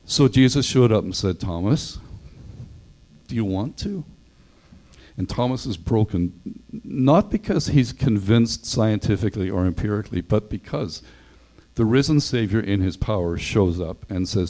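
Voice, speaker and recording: A man's voice: mid-range voice, animated, moderate pace, a little mellow, poor audio. Man preaching a conversational sermon. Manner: conversational, acts out quoted voices. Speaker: pastor.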